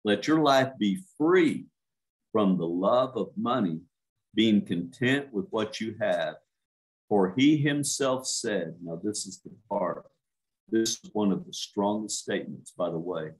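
A man's voice: on the low side, lively intonation, slow pace, poor audio. A male minister delivering a sermon, stressing points by repeating words and putting direct questions to his listeners.

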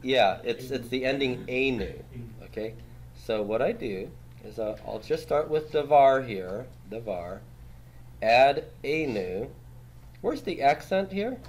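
A man's voice: mid-range voice, lively intonation, takes it slowly, a little mellow, a little hiss or hum. A man teaching grammar in a classroom lecture, quizzing students and tagging his points with "right?". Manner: patient, steps through rules on a board.

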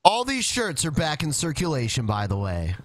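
A man's voice: fairly high pitch, wildly swooping pitch, normal speed, no echo. Man with dry, wry asides. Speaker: podcast co-host. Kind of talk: casual podcast banter.

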